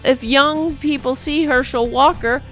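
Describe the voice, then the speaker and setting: A woman's voice: sits high, fairly even intonation, measured pace, a bit bright. Woman podcast host ranting casually, cussing, lots of restarts, faint music under it. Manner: exasperated, rambling, swears freely. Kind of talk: casual political chat.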